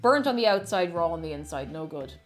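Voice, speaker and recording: A woman's voice: on the low side, lively intonation, a little fast. A woman streaming herself cooking, chatting casually, reading viewer messages aloud and reacting, often stammering and restarting. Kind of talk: casual chat while cooking live. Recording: music playing in the background.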